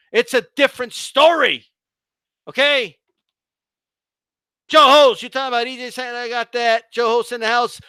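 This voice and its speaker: High-voiced fired-up boxing streamer. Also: male voice, bright, forceful tone, dry recording. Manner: fiery, profane, repetitive, stammering restarts. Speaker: boxing livestream host. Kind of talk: heated livestream rant.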